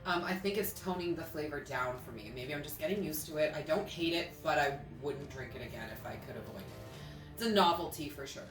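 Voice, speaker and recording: A woman on a casual beer-tasting panel giving her opinion in a lively, giggly way. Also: sits low, brisk, reverberant, over music, rough recording. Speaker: co-host, first-time panelist. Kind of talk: casual chat.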